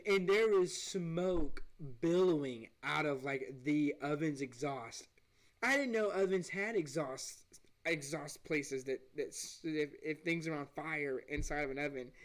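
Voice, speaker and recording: Male podcast host, somewhat high voice, casual rambling storyteller who restarts often. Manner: animated, rambling, with frequent restarts.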